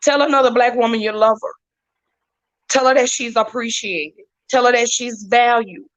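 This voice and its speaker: A woman's voice: on the high side, normal speed. A woman talking as a podcast guest, heartfelt and emphatic, repeating her points for weight. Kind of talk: casual podcast talk. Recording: dull lo-fi audio.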